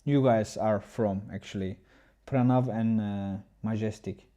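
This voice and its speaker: A man's voice: fairly low pitch, steady tone, a little slow, dark tone. A man casually commenting a chess game on a livestream, reading viewers' messages aloud and answering them, often restarting his sentences.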